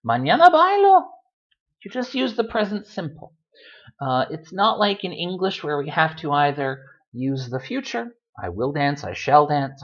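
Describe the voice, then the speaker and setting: Man, language teacher, chatty, dry jokes, animated intonation, muffled home recording. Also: on the high side. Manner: relaxed, chatty, with dry joking asides. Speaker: Spanish teacher. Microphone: computer microphone.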